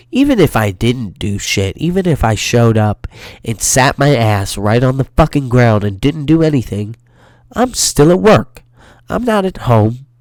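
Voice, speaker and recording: A young man with a stuffy nose ranting alone in his bedroom for a solo podcast, swearing and flaring into loud outbursts. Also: mid-range voice, dry recording, studio quality. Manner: profane, heated ranting with sudden loud outbursts. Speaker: podcast host.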